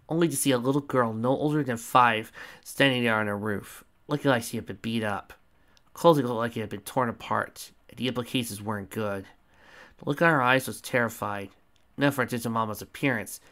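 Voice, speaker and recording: A man reads fan fiction aloud in a relaxed, casual way. He trips over words now and then and drops in joking asides. His voice is bright and clear. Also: mid-range voice. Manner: casual, stumbling reading with asides. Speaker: fanfiction reader.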